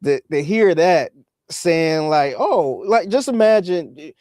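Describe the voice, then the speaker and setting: A man co-hosting a podcast, talking in a relaxed way and often acting out what others might say. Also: fairly high pitch, slow, dry recording, clean studio sound. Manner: relaxed, acts out quotes. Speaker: podcast co-host. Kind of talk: casual podcast commentary.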